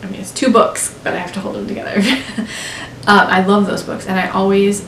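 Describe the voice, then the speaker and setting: Speaking a little fast with fairly even intonation, this young American beauty vlogger has a mid-range voice that's gravelly yet fairly bright. She gushes and chats nonstop, full of "like," in a recording that's roomy with faint hiss.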